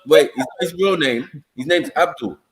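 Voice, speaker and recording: A man's voice: a little high, normal speed, slightly rough. A man telling stories in a casual online panel chat.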